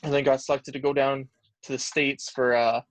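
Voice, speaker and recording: A man's voice: mid-range voice, flat delivery, moderate pace, dry recording. Rambling young man. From Canada. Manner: rambling, heavy use of "like", reflective. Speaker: guest, pro football lineman. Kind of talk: casual storytelling interview.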